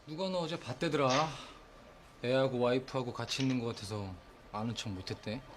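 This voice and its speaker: A man's voice: medium pitch, racing, a little hiss or hum, lightly acted. An actor playing a prying male office coworker who needles his friend in a TV drama scene. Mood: teasing. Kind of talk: TV drama dialogue.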